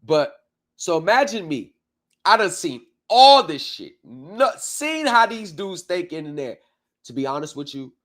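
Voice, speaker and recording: A man hosting a casual livestream chat, telling stories with lively, animated reactions and frequent swearing, heard over a remote video call. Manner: animated storyteller, acts out his reactions with big pitch jumps and swearing. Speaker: livestream host.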